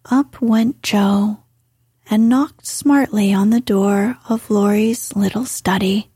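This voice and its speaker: A woman reading a classic novel aloud in a soft, slow whispered role-play. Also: mid-range voice, steady tone, no echo, studio quality. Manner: soft, slow, breathy narration. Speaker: audiobook reader.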